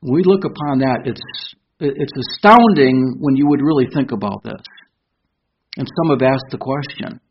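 An older man preaching a sermon who turns loud and fervent when he reads scripture. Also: mid-range voice, expressive, normal speed. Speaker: pastor. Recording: dull lo-fi recording with faint hiss.

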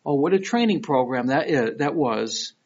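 A middle-aged pastor from Michigan with a Detroit accent preaches a sermon in a conversational, storytelling manner, giving quoted voices lively life. His voice is husky and medium-pitched at a moderate pace, heard through a dull lo-fi recording.

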